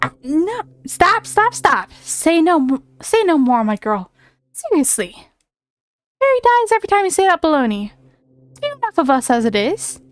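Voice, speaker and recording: A woman voicing a bossy, impatient male fairy with brisk, folksy slang in a video game. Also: very high-pitched, big pitch swings, no echo, studio quality. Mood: scolding.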